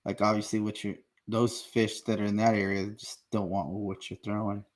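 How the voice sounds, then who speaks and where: A man's voice: lowish voice, little pitch movement, moderate pace. A man co-hosting a casual fishing podcast, laid-back and agreeable. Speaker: podcast co-host. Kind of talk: casual chat.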